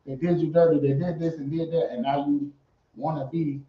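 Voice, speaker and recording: A man's voice: on the high side, fairly even intonation, fairly quick. A man speaking emphatically and casually as a guest in an interview, swearing freely. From Fayetteville, born in Savannah, Georgia. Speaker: guest artist. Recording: roomy, distant, dull lo-fi sound.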